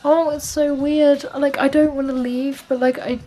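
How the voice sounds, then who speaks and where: A woman's voice: sits high, little pitch movement, moderate pace, dark tone, faint music behind. A young woman, talking casually to camera in a rambling, chatty way full of fillers. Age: young adult. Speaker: vlogger. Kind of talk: casual vlog chat.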